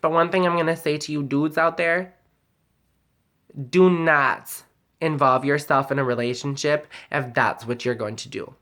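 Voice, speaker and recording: A woman's voice: low voice, steady tone, normal speed, a bit bright. A woman talking straight to camera in a personal vlog, heated and venting, sometimes close to tears. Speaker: vlogger.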